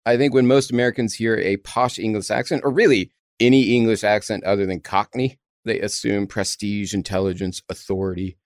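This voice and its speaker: A man's voice: fairly low pitch, a little fast, few pauses, no echo, studio quality. A man co-hosting a casual podcast, reading out article points and adding wry jokes; he is from Texas. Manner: wry, lively, mixes reading quotes with joking asides. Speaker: podcast co-host. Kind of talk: casual chat reading and discussing links.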